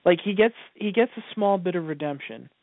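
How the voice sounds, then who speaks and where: With a high-pitched, animated, creaky voice that runs a little fast, a man co-hosts a live radio show in casual chat. He comes across hesitant, piling on fillers and restarting sentences. The sound is dry and tinny, like a phone line, with no room sound.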